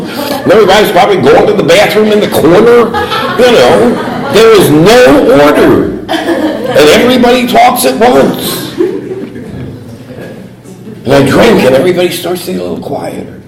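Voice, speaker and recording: A man's voice: sits high, big pitch swings, moderate pace, vocal fry, a crowd in the background. A middle-aged man giving a humorous talk at a recovery meeting, telling his story with put-on voices. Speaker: AA speaker. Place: meeting hall. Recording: echoey hall recording.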